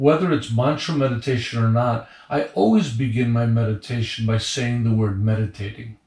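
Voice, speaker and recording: A man calmly and patiently explaining meditation techniques as a teacher, in a relaxed conversational way. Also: medium pitch, a little fast. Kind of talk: guided instruction, conversational. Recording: roomy, distant mic.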